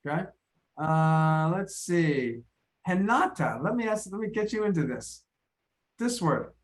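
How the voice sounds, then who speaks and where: A man's voice: fairly high pitch, animated, a little slow. An American man teaching an English class over a video call, patient and encouraging, repeating words as he gathers his thoughts.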